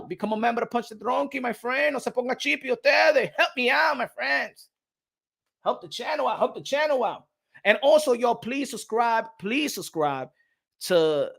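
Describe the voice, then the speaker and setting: A man hosting his boxing channel in a loose, animated rant. His voice is bright and cutting, and he keeps stammering into restarts as the thoughts tumble out. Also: extremely high pitch, vocal fry. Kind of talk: casual vlog rant.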